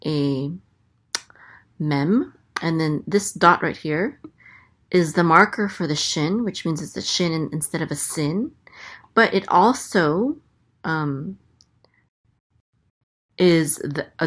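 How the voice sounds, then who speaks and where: Slow, patient woman teaching Hebrew letters. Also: low voice. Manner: slow, patient, repeats each sound. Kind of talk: letter-by-letter language lesson.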